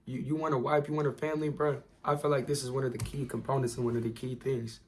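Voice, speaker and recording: A young man giving an earnest, repetitive motivational talk to camera in casual slang, his voice worn and going hoarse. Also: mid-range voice, flat delivery, fast talker, few pauses, darkish tone, a little hiss or hum. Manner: earnest, repetitive, slangy, calls listeners bro. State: losing his voice. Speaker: motivational vlogger.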